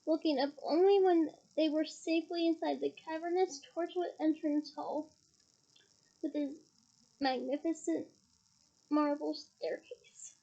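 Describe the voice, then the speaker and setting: A woman's voice: high voice, steady tone, measured pace, dark tone, lo-fi sound. A woman reading a novel aloud expressively, with small slips and asides. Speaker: reader.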